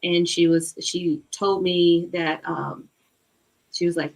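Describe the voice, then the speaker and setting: A woman telling stories in a casual chat, animated and laughing, with many fillers. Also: fairly low pitch, slow. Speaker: book club guest.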